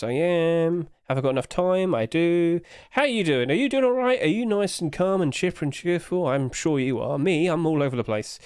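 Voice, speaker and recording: A man's voice: fairly high pitch, smooth, no echo, clean studio sound. A man chatting casually to his live-stream audience, humming little filler noises as he clicks through pages.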